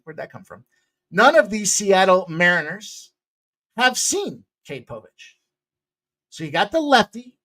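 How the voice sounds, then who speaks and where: A man hosting a sports betting picks show, talking casually in a loose, jokey way with bursts of loud excitement. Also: high voice.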